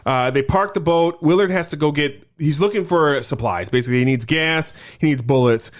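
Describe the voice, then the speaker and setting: A man co-hosting a podcast, telling a film's plot in a loose, profane, animated way. He jumps into quoting the characters as he goes. His voice sits a little on the higher side for a man. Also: brisk. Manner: profane, animated storytelling with acted quotes. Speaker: podcast co-host. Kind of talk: casual movie recap chat.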